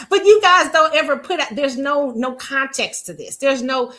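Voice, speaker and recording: A woman hosting a casual pop culture commentary show, laughing often and ranting in a sassy, animated way. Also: high-pitched, a little slow. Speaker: host.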